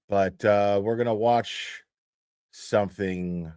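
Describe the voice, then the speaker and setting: Male streamer, profane rant, slow drawn-out talk, dry close sound. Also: medium pitch, dry recording. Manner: profane, ranting, mocking. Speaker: streamer host. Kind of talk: casual livestream commentary.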